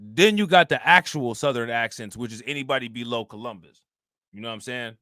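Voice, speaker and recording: Ohio dude w/ a dry midwest accent, rambling live stream talk, bright tone, dead dry sound. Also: male voice, mid-range voice, fairly quick, no echo. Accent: Northeast Ohio, Midwestern. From Northeast Ohio. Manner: rambling, slangy, addresses chat directly. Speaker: livestream host. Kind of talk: casual livestream commentary.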